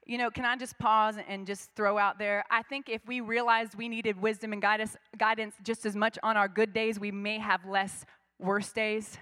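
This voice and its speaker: A woman's voice: medium pitch, little pitch movement, moderate pace, fairly bright tone. A woman pastor preaching a sermon in a church, conversational at times and rising to fervent emphasis.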